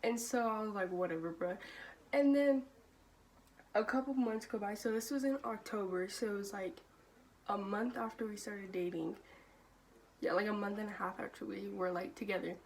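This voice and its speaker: A woman's voice: mid-range voice, steady tone, moderate pace, a little hiss or hum. Young woman telling a laughing storytime. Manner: casual, profane, laughs often, many "like" fillers. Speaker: vlogger. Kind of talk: storytime vlog.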